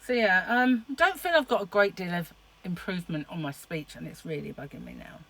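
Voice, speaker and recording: A woman's voice: on the low side, expressive, fairly quick, vocal fry, a bit bright, poor audio. Chatty middle-aged woman vlogging. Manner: chatty, rambling, laughs often. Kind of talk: casual chat to camera.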